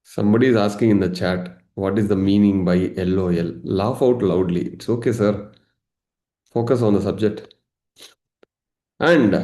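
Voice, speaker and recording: A man teaching a live online session as a meditation coach, lively, acting out everyday examples and laughing. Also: fairly low pitch, echoey room. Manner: animated, acts out examples, laughs often.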